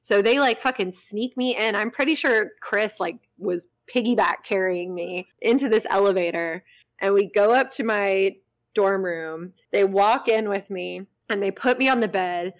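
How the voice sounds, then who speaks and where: A woman's voice: medium pitch, moderate pace. A young woman hosting a podcast, telling a casual story with lots of swearing and frequent laughter. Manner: animated, swears freely, breaks into laughter. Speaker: podcast host.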